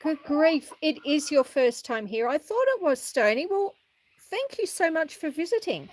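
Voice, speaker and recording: Woman, high voice, dry close sound, casual live farm chat, answers viewers. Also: sing-song, moderate pace, no echo. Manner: chatty, warm replies to viewers, frequent laughs. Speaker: homestead livestreamer reading chat. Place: outdoors on a farm.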